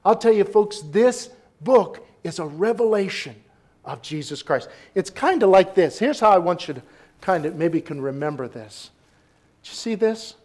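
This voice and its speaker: A man preaching a sermon as pastor, emphatic, swinging between forceful exclamations and soft asides, calling out for responses from the congregation. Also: high voice, animated, normal speed.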